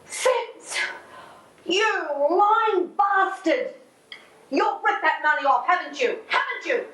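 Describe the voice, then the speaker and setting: A woman's voice: high-pitched, very animated, moderate pace, echoey room, recorded from a distance. A woman playing a furious cheated partner. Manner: shouting, indignant. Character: betrayed woman confronting a lying partner. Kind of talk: drama scene.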